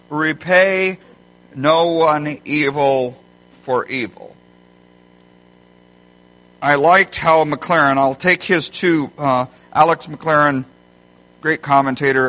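A middle-aged man preaching a sermon as a pastor, emphatic and animated when telling stories. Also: on the high side. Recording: dull lo-fi sound.

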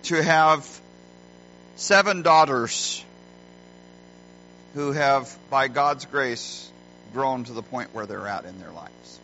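A middle-aged man preaching a sermon as a pastor, earnest and folksy, telling stories with deliberate pauses, recorded in a church. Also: mid-range voice, sharp tone. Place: church sanctuary. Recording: muffled lo-fi recording with faint hum.

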